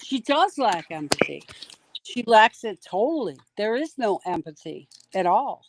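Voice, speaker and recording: A woman's voice: mid-range voice, sing-song, a little slow, a little hiss or hum. A woman hosting a casual live commentary, indignant and emphatic, repeating points for weight. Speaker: host of a commentary stream.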